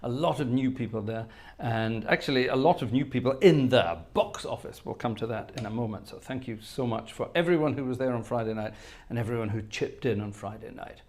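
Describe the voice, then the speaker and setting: Guy running a live stream, reads out viewer names, hums and chats along, mid pitch. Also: fairly quick, darkish tone. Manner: chatty, greets viewers by name, hums to himself while reading the chat. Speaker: host of a live-streamed organ music show. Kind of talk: casual live-stream chat greeting viewers.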